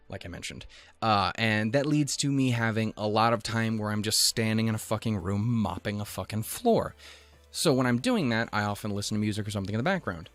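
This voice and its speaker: Young man, anime reaction host, low voice, rambling and profane, slightly out of breath, faint music behind. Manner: rambling, swears often, laughs at himself. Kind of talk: casual chat.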